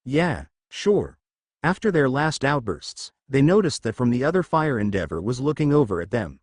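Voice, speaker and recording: A man reads a story aloud in a mid-pitched voice that rises and falls a lot. The recording is close and dry, with no room sound around him. His delivery stays steady, like a storybook narration. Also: fairly quick, no echo. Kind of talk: fan fiction reading.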